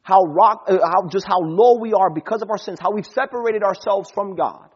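A man with a high, slightly husky voice preaches a casual, conversational sermon. He quotes scripture and slips briefly into the voices of the people in the stories. The recording sounds dull and lo-fi. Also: normal speed.

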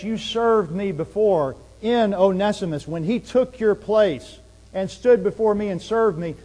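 A man's voice: high-pitched, darkish tone, long reverb tail, low-quality recording. A man preaching a sermon, earnest, with emphasis that rises and falls. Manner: earnest, rising and falling emphasis.

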